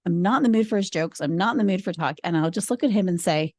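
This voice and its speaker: A woman's voice: fairly low pitch, fast talker, dry recording. A woman guest on a podcast in casual chat, laughing often and acting out quotes as she tells stories. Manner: laughing, lively storytelling with acted quotes.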